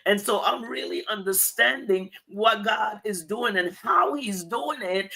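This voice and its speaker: A woman's voice: mid-range voice, measured pace, bright, forceful tone. An older woman in church leadership, speaking earnestly in a preaching style about faith. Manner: earnest, exhorting.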